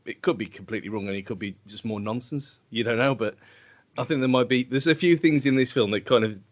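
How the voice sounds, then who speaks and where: A man's voice: mid-range voice, fast talker. Rambling man, laughing as he talks. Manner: laughs often, rambling and hesitant. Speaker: podcast co-host. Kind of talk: casual film-review chat. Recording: dull lo-fi podcast audio.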